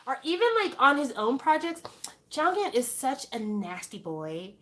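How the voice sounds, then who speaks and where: Animated young woman gushing casually. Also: high voice, normal speed, background noise. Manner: animated, exclaiming, rhetorical questions. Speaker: fan vlogger. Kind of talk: casual fan monologue.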